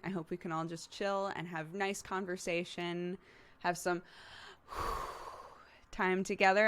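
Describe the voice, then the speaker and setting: A woman's voice: fairly low pitch, fairly bright tone, clear, resonant tone. A woman in her thirties hosting a live stream, chatting casually with viewers and laughing often as she tells stories about her toddler. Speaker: streamer host.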